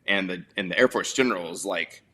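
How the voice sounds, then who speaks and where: Chatty bright-voiced man reviewing films. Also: deep voice, fairly quick. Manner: rambling, filler-heavy storytelling. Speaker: podcast host. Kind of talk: casual movie review chat.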